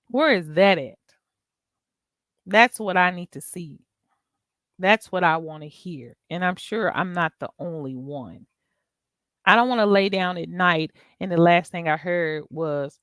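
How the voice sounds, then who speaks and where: A woman's voice: lowish voice, unhurried, fairly bright tone, dry recording, studio quality. A middle-aged woman hosting her own vlog, talking in an emphatic, exasperated, preachy way. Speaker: YouTube channel host. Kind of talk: casual vlog rant.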